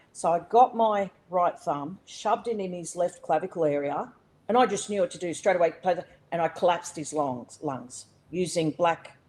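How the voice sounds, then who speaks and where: Middle-aged Australian woman guest, low-pitched, animated and profane, rambling conversational telling. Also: poor audio. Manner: animated, profane, frequent restarts and fillers. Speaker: podcast guest. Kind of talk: casual conversational storytelling.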